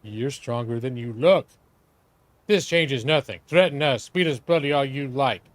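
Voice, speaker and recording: A man's voice: mid-range voice, a little slow, no echo, close to an everyday voice. A man voicing a defiant male rebel fighter, reading game dialogue aloud in a declaiming way.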